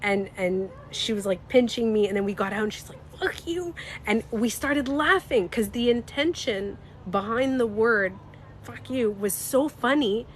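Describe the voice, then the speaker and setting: A woman beauty coach chatting candidly on a livestream, animated, swearing freely and laughing often. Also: on the high side, moderate pace, a little hiss or hum. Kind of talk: casual livestream chat.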